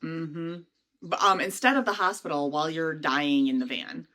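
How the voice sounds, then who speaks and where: A woman's voice: sits low, normal speed, pushed and bright. A woman in her forties, the host's older sister, trading wry, profane memories in a casual chat. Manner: wry, profane, laughs easily.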